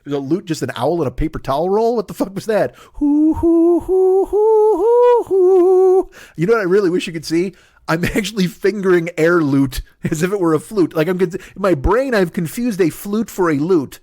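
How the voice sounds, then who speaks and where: A middle-aged man riffs alone into a close, dry microphone, rambling and swearing as he spins out a comic bit. His pitch leaps around animatedly as he slips into quick put-on voices, and his voice sits a bit higher than most men's. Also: lively intonation, a little mellow, no room sound. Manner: rambling, profane, acts out characters in put-on voices. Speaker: comedy podcast host. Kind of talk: solo comedic monologue.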